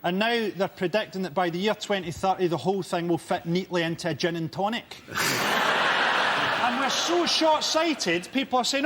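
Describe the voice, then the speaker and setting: High-voiced comic, deadpan. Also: male voice, moderate pace. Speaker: comedy panelist. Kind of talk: stand-up style panel jokes. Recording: studio audience, loud laughter behind.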